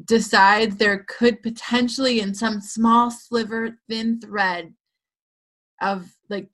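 A middle-aged woman hosting a podcast, speaking earnestly and reflectively with slow, heartfelt phrasing. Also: mid-range voice, a bit bright. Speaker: podcast host. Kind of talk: reflective interview talk.

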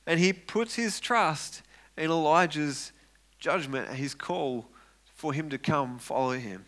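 A male preacher delivering a sermon in a bright, forward voice that sits a little high. He retells the passage with animated, acted-out quotes and stumbles into quick repeats when he gets going.

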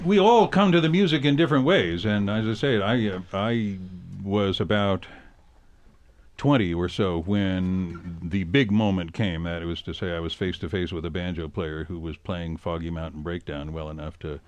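Older male radio host, low voice, reflective and meandering studio interviewer. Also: normal speed. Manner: rambling, reflective, hesitant with fillers.

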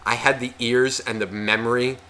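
Bright-voiced, foul-mouthed man rambling. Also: little pitch movement, moderate pace. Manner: profane, rambling storyteller; mimics relatives in a high, gushing voice. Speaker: podcast co-host. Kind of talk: casual comedic chat.

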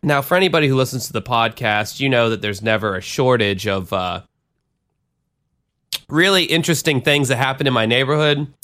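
Bright, lively man telling a rambling story. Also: mid-range voice, brisk. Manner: profane, rambling, self-deprecating. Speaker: podcast host and DJ. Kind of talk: casual storytelling.

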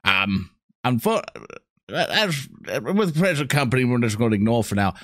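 A man playing in a tabletop game, talking in a playful and excitable way. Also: mid-range voice, moderate pace, no room sound, studio quality. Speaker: player. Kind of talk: casual tabletop game play.

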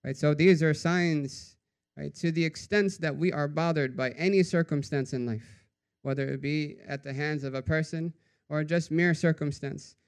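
Smooth-voiced man telling a sermon story. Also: on the high side, fairly even intonation, moderate pace. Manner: conversational, says "right?" after nearly every phrase. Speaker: religious teacher.

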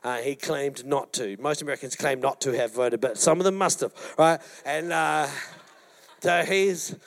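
A male pastor preaching a sermon, telling a personal story with lively acted-out quotes to his congregation. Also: mid-range voice, moderate pace, vocal fry. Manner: animated storyteller, acts out quotes, addresses congregation. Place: church hall.

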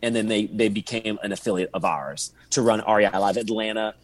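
A man's voice: on the low side, brisk. A man, a podcast guest telling stories in casual chat, acting out his own texts and thoughts. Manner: animated storyteller, acts out his own texts and inner thoughts.

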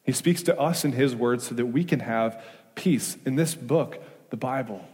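A male pastor delivers a sermon in a middle-pitched voice, pressing his points with rhetorical questions. He swings between raised, urgent emphasis and quiet, hushed reassurance. The sound carries a long reverberant tail from a church hall. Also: moderate pace. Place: church sanctuary.

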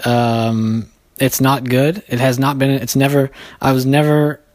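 A man's voice: mid-range voice, level tone, measured pace, darkish tone, no room sound. A man hosting his own solo podcast, rambling and self-deprecating with many restarts, out of breath, recording on a phone in his living room. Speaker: podcast host. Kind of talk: improvised solo podcast talk.

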